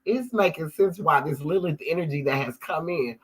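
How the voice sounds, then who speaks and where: Animated man leading a religious talk. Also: a little fast, few pauses, husky, rough recording. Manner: animated, exclaiming, swings loud and high when excited. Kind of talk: casual religious discussion.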